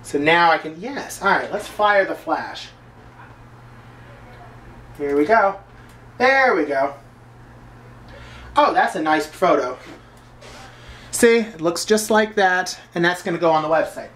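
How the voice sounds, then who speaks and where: A man's voice: on the high side, lively intonation, slow pace, pauses often, fairly bright tone. A man hosting a casual video journal from his kitchen, rambling loosely and packing his talk with filler words. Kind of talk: casual chat while cooking. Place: home kitchen. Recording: roomy, distant mic, faint background noise.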